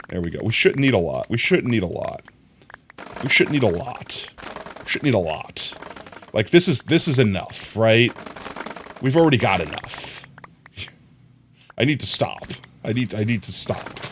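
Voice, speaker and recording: A livestreamer with a medium-pitched voice rambles through casual gameplay commentary, talking to himself and to his chat viewers and laughing often. There's slight background noise.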